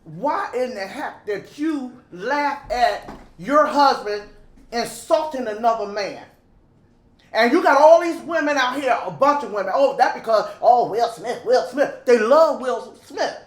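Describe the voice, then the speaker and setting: An older woman co-hosting a casual chat, telling her side in an animated, drawn-out way. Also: on the high side. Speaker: podcast co-host. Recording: roomy echo.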